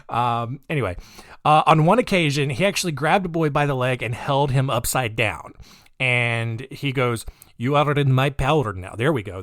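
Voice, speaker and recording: A man's voice: mid-range voice, dry recording, studio quality. A man hosting a podcast, telling a true-crime story in a casual, digressive and jokey way with lots of fillers. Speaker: podcast host.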